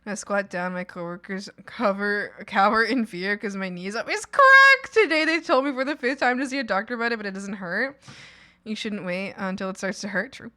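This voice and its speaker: A woman streamer chats casually, rambling and talkative, laughing often and now and then bursting into mock shouting. Her voice is medium-pitched and animated, at a normal speed.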